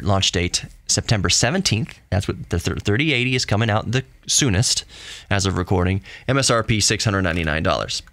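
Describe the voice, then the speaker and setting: A young adult man runs a solo tech podcast, reading specs aloud with excitable, jokey asides and self-corrections before closing on gentle encouragement. His voice sits on the low side, with no echo.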